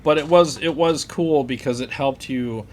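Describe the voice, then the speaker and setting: A co-host on a casual live stream, relaxed and joking, asking follow-up questions. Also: mid-range voice, moderate pace, crowd noise. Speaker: co-host, gear reviewer.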